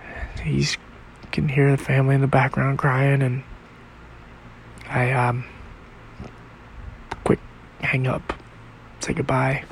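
A man hosting a podcast episode, telling a personal story in a halting, reflective and emotional way. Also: medium pitch, monotone, vocal fry, a little hiss or hum. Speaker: podcast host.

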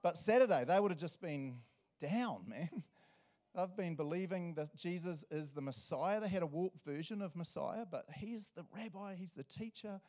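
At a church service, a pastor with a New Zealand accent delivers a laid-back, humorous sermon in a high voice at a moderate pace. His energetic, talkative style is peppered with asides aimed at the congregation.

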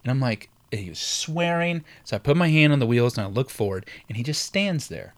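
A man spins a story in casual conversation, his pitch swinging widely as he acts out the people in it. His voice sits at a middling pitch. He swears freely and keeps the telling loose and chatty. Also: a little fast. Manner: animated, acts out shouted quotes, swears freely.

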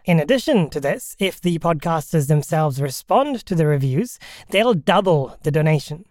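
A man running a tabletop role-playing game podcast as game master, narrating in a relaxed, chatty way. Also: a little high, normal speed, dry recording, clean studio sound.

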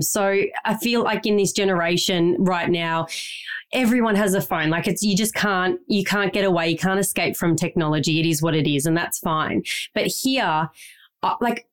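A woman co-hosting a parenting podcast, talking in an enthusiastic, rambling, candid way. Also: medium pitch. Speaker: podcast co-host. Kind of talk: casual chat.

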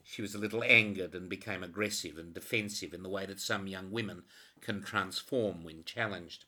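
Deep-voiced man narrating a crime story. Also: moderate pace, sharp tone. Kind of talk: audiobook narration.

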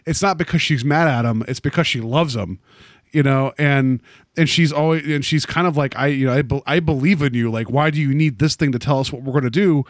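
Casual male podcast co-host, rambling and restarting, medium pitch, dry close sound. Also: fairly quick, no echo. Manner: rambling, full of fillers and restarts. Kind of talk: casual chat.

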